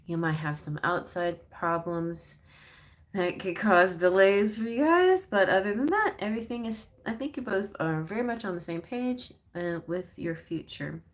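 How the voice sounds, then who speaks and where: A woman's voice: mid-range voice, moderate pace. A woman doing a casual live-stream tarot reading, reading card meanings aloud with chatty asides. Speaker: tarot reader.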